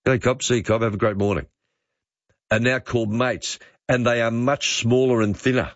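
A man's voice: medium pitch, steady tone, moderate pace, dry recording, highs cut off. A man hosting a talkback radio show, encouraging his callers. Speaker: radio host.

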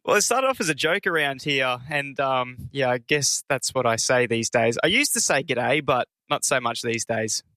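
A man from outback Queensland, a radio producer chatting in a laid-back, low-key way. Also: expressive, normal speed, hardly any pauses, pushed and bright, no room sound. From Longreach, Queensland. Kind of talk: casual chat.

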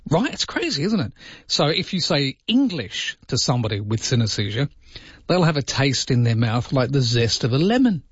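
Male radio host, casual chatter, husky voice, dry close sound, muffled lo-fi audio. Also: normal speed, no room sound. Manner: chatty, wondering aloud, lively pitch jumps on asides.

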